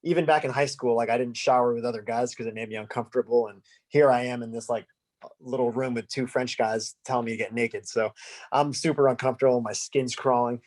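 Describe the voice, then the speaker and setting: A man's voice: mid-range voice, steady tone, fairly quick, darkish tone. A man from the United States, a musician guest on a podcast, telling a loose, laughing anecdote full of fillers. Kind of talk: casual storytelling.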